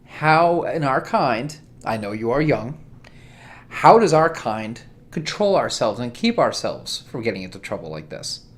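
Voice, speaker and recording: A man's voice: mid-range voice, big pitch swings. A man doing a cold, condescending vampire prince. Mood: cold lecturing. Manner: cold, measured, quietly lecturing. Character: stern, condescending young-looking male vampire prince.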